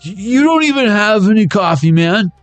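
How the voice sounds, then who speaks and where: A bossy young man nags and scolds about rationing coffee beans, played by a man in a raised voice. The voice is pitched up and bickering, and the room sounds dry. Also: animated, moderate pace, smooth, dry recording, soft background music. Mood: scolding.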